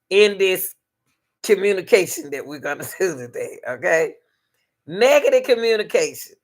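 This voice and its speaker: A woman's voice: mid-range voice, fairly bright tone. A woman hosting a casual advice talk on relationships, emphatic and repetitive, speaking straight to her listeners.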